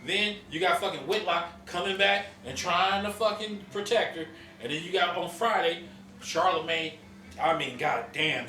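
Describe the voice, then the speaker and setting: A man's voice: sits high, bright, forceful tone, echoey room, far from the mic, a little hiss or hum. A man hosting a podcast, ranting in heated casual chat, profane and emphatic. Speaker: podcast host.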